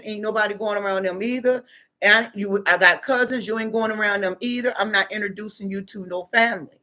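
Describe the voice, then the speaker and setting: A woman's voice: medium pitch, fairly bright tone. A middle-aged woman talking straight to her viewers in a casual monologue, blunt and plain-spoken with street slang. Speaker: vlogger giving life advice.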